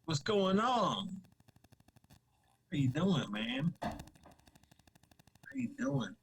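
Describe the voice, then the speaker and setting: A man with a fairly high, very animated voice speaks extremely slowly, with a slightly rough tone on a rough recording. He's a comic creator guesting on a podcast, in a casual live-stream chat. He rambles, restarts often and uses lots of fillers, joking and laughing easily.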